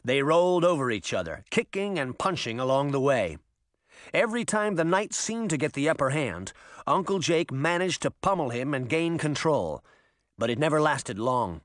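A man giving an expressive, dramatic audiobook narration. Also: a little high, moderate pace, no echo, clean studio sound. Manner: dramatic, animated reading.

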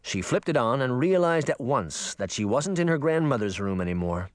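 A man narrating an audiobook with expressive, dramatic storytelling. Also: medium pitch, moderate pace, no room sound. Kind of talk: audiobook reading.

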